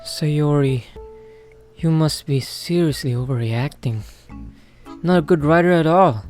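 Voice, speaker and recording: A man's voice: on the high side, measured pace, a little mellow, faint music behind. A man with a Filipino accent, a native Cebuano speaker, reading a visual novel's lines aloud with wry, laid-back commentary. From Philippines. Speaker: gamer.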